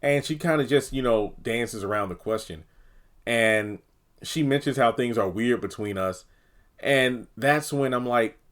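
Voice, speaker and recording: A man's voice: mid-range voice, unhurried, fairly bright tone. A man hosting his own TV review channel, talking casually and with exasperation, rambling and sometimes acting out characters' lines. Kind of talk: casual solo review talk.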